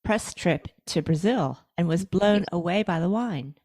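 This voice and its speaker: A woman's voice: on the low side, unhurried, breathy edge. A woman co-hosting a wine podcast, chatting casually and often chiming in with agreement. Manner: lively, gives many short agreeing replies. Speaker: podcast co-host.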